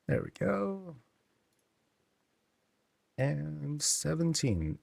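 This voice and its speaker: A man's voice: mid-range voice, sing-song, takes it slowly, creaky, pauses often, darkish tone, slightly rough, dry recording. Chatty male game streamer, dry sound. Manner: chatty and rambling, with many fillers. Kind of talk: casual game commentary.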